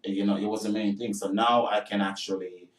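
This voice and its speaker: A man's voice: on the low side, a little fast, reverberant, far from the mic, poor audio. A man with a non-American accent, an actor and producer, talking casually as a radio interview guest, full of fillers. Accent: non-American English accent. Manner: chatty, animated storytelling with many fillers.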